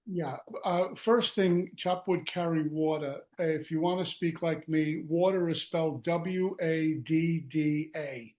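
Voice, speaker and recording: A man, sharing at a recovery meeting over an online call. He talks in a relaxed, rambling way with fillers and self-mocking jokes. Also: fairly high pitch, measured pace, few pauses, rough recording. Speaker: guest speaker.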